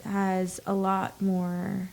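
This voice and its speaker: A woman's voice: medium pitch, completely flat delivery, very slow, creaky, a little mellow. A young woman guest on a podcast, an actor, talking thoughtfully and agreeably, sometimes drawing her words out. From United States. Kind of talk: casual interview chat.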